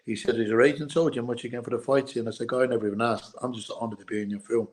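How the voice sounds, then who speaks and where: A middle-aged Irish man, a former boxer, telling stories in an interview, halting and repeating words, tearful at times. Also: medium pitch, fairly even intonation, poor audio. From Ireland. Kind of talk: emotional storytelling interview.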